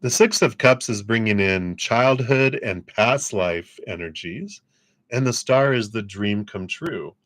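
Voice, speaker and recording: A man with a fairly low voice hosts a livestream tarot reading. He talks in an easy, chatty way and laughs often. His tone stays upbeat as he offers gentle spiritual encouragement. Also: measured pace. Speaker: tarot reader.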